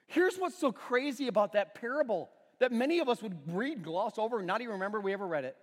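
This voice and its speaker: A man's voice: sits high, lively intonation, fast talker, few pauses, big-room sound. A middle-aged male pastor preaching a sermon, telling a story about his son with self-deprecating humor in a church auditorium.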